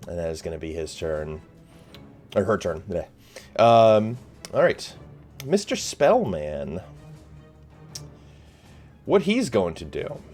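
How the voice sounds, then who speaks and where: A man's voice: deep voice, a little mellow. A man narrating a tabletop game as game master, hesitant with many fillers.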